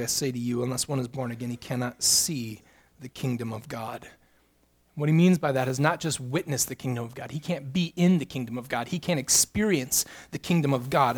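Male pastor, fairly high voice, emphatic sermon delivery with repetition. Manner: earnest, emphatic preaching with repeated phrases.

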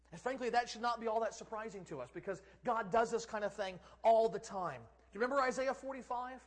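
A male pastor preaching a sermon, acting out quoted speakers and swinging from loud proclamation to a hushed near-whisper. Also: high voice.

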